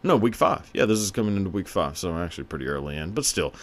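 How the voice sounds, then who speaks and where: Low-voiced profane podcast host man. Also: very animated, fast. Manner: crude, profane and joking, laughs often. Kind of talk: casual solo podcast monologue.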